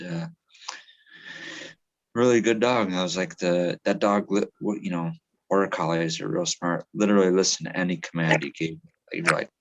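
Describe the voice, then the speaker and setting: A man's voice: sits low, creaky. A man in casual chat on a podcast, rambling and swearing freely, often restarting his sentences. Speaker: podcast co-host.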